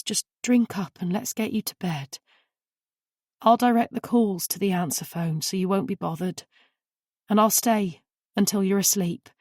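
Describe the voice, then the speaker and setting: A woman reader voicing a caring friend who speaks gently and calmly to soothe her. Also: mid-range voice, breathy edge, no echo, clean studio sound. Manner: soft, soothing, hushed.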